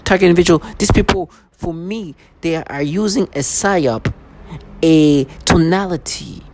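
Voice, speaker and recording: A man rants straight to his viewers in an agitated, accusatory way, circling back over the same points. His voice has a gravelly, creaky edge. Steady noise hums behind him. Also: fairly high pitch, unhurried. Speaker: vlogger. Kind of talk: angry monologue. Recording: noisy background.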